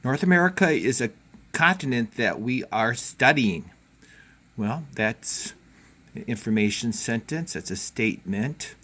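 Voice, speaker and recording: Thinking aloud as he goes, a man walks kids through their work in a home learning video with a relaxed, encouraging manner. He speaks unhurriedly at medium pitch with lively intonation.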